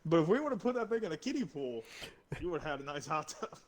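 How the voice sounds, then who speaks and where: A man's voice: a little high, very animated, fast talker. A young man from Florida, co-hosting a casual drinking stream and rambling through stories with frequent laughs. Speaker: co-host.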